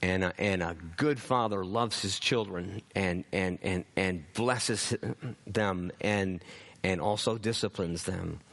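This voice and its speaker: A man's voice: low-pitched, slow pace, fairly bright tone. A man preaching a sermon in an earnest way, often repeating words as he builds a point.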